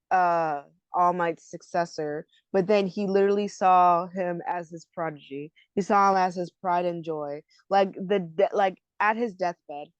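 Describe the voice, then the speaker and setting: A woman co-hosting a podcast, chatting about an anime in an animated, emotional way that often breaks into laughter. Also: on the low side, smooth, no echo, muffled recording. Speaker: podcast co-host. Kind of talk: casual anime discussion.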